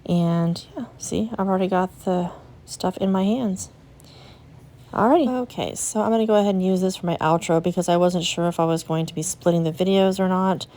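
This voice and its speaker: A young adult woman vlogger with a slightly low voice, chatting casually as she walks and shows things off. She gushes to her viewers, friendly and talkative. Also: fairly even intonation, a little fast, mellow. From United States. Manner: chatty and gushing, talks to viewers. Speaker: vlogger and resale booth owner. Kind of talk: casual vlog chat while walking a shop.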